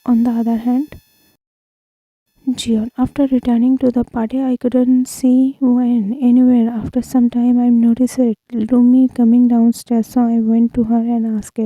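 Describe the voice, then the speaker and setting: A woman narrating a fanfiction story in an even, unhurried reading style. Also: on the high side, dry recording, dull audio.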